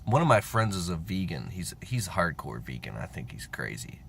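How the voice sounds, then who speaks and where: A man in his thirties talking casually in a profane, rambling, animated monologue, with whispered asides. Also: low-pitched, fairly quick, gravelly, a little hiss or hum. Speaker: self-help vlogger.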